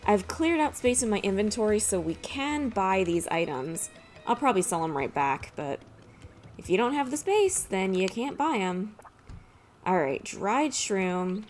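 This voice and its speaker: A woman's voice: medium pitch, expressive, measured pace, a little mellow, soft background music. A young woman hosting a let's play, chatting casually about the game and laughing often. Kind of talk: casual gameplay commentary.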